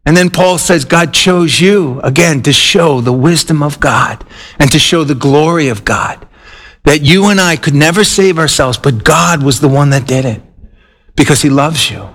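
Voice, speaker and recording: High-pitched guy preaching a sermon, earnest, gets emphatic then slows way down on key words. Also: fairly bright tone. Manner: earnest, rising to emphatic peaks and slowing to drawn-out stresses.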